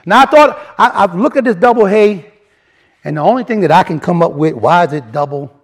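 Animated man preaching, lively high voice. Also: a little fast. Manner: animated, repeats and restarts, rising emphasis, colloquial grammar. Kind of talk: sermon teaching from word studies.

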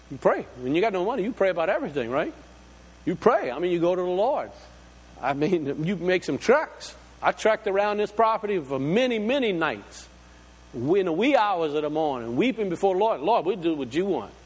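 Man, pastor, folksy sermon, rhetorical questions, fairly high voice. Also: breathy edge, big-room sound.

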